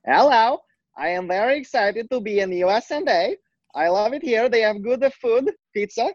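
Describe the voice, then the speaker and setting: A gushing, wide-eyed foreign visitor with a high, sing-song put-on accent, as a young man pushes his voice way up. The sound is dull and lo-fi, as from a call. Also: lively intonation, moderate pace, dry recording. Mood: excited. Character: male comedy character impression, cheerful foreign visitor.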